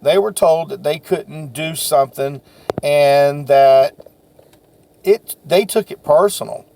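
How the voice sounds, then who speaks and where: A man's voice: on the high side, slow pace, vocal fry, dark tone, a little hiss or hum. An older man giving an earnest, confessional talk about sales and forgiveness, rambling a little and restarting his sentences. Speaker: sales vlogger. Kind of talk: casual motivational talk to camera.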